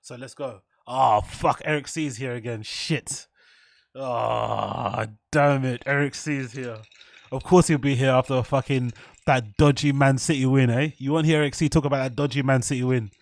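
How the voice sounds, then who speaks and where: A man's voice: mid-range voice, fairly even intonation, normal speed, gravelly, dry recording, clean studio sound. A man hosting a casual livestream, talking loosely to his viewers in slang and with plenty of swearing. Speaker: livestream host. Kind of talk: casual rambling livestream chat.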